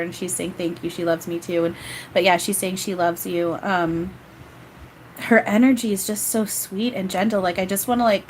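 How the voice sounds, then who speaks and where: Woman, psychic medium, live stream reading, hesitant, rambling, low-ish voice. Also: slight background noise, poor audio. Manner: rambling, hesitant, with many fillers.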